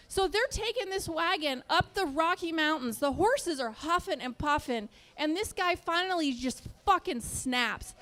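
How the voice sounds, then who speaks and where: A woman's voice: very high-pitched, expressive, measured pace, hardly any pauses, fairly bright tone. A woman from Texas doing a stand-up comedy set in a comedy club, telling stories and acting out quoted voices on a handheld stage mic. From born in Texas, raised Midwest and Washington. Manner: storytelling, acts out quoted voices.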